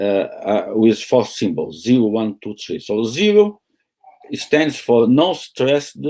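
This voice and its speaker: Slow, halting male lecturer. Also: medium pitch, mellow. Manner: slow, halting, with many pauses and fillers. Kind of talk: academic lecture. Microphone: video call.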